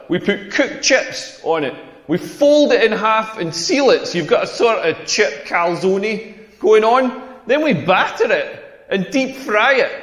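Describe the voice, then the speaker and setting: A Scottish man doing a stand-up comedy routine on a club stage, with a sardonic, crude delivery and deadpan punchlines. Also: high voice. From Scotland. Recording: roomy hall with long reverb.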